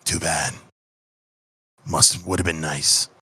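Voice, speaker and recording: A man voicing a cold, menacing male tabaxi gunman in a tabletop game, low and sneering. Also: fairly even intonation, slow pace, pushed and bright, breathy edge, no echo, heavily acted. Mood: mocking.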